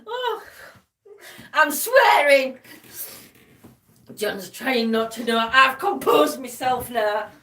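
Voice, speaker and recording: A woman's voice: animated, slow pace, long pauses, a bit bright. A woman hosting a paranormal chat, helpless with laughter and teary, squealing and gasping between words. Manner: giggly, gasping, high squeals. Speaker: paranormal show host. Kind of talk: casual livestream chat. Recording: roomy, from a distance.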